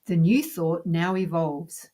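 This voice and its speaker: A woman teacher calmly narrating a scripted lesson in a measured, explanatory way. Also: on the low side.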